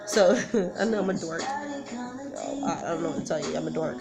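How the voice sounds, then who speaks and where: Rambling nervous woman over loud music. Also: lowish voice, very animated, moderate pace. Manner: rambling and self-interrupting, nervous and emotional. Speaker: vlogger telling a personal story. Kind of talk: casual story-time vlog. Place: at home with a song playing. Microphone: camera mic. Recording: music playing loudly in background.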